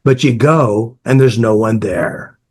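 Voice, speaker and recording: His voice is medium in pitch, slow, husky and a bit mellow. As an emotional therapy coach, he relays client stories to make his points, speaking directly and repetitively in brief bursts of listed ideas.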